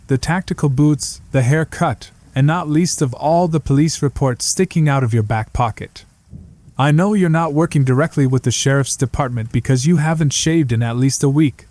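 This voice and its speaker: A man voicing a cocky male ventriloquist dummy with a slight Boston accent, smug and sharp-tongued. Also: on the high side, dry recording, close to an everyday voice.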